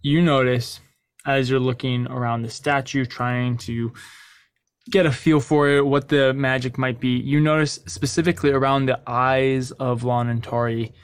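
A man running a tabletop game as game master, describing scenes in a loose, unhurried way with frequent fillers. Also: mid-range voice, flat delivery, smooth, dry recording.

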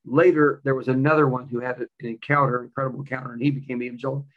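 A man's voice: medium pitch, level tone, very fast, phone-quality sound. A male preacher delivering a sermon with a personal story, emphatic and repeating key phrases.

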